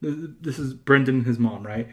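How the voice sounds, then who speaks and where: A man from California hosting a casual podcast chat, rambling and animated with lots of fillers and restarts. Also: mid-range voice, a little fast. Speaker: podcast host.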